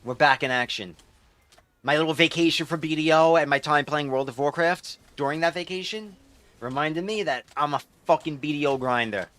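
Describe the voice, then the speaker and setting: A man's voice: on the high side, moderate pace, a bit bright, no echo. A man streaming a game, chatting casually with viewers in a rambling, loose way and reading chat aloud.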